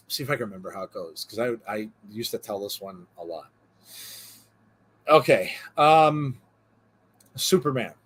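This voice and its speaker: A man's voice: medium pitch, fairly bright tone, a little hiss or hum. A middle-aged man hosting a podcast, chatting casually and rambling through a long joke with lots of fillers. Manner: rambling storyteller, many fillers. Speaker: podcast host. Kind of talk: casual chat.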